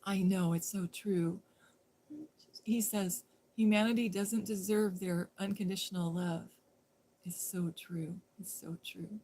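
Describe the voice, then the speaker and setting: A woman's voice: medium pitch, steady tone, takes it slowly, long pauses, mellow, slight background noise. A woman chatting casually to her viewers on a live stream, rambling and restarting her sentences, often breaking into laughter. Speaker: livestream host.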